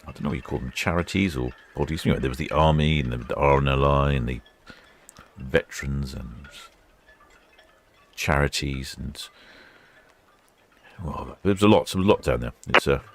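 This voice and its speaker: Man, very low voice, easygoing live commentary, rambling, lots of ums and uhs. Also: normal speed, pauses often, fairly bright tone, a little hiss or hum. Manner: chatty, rambling, with many fillers. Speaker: ship-watching livestream host.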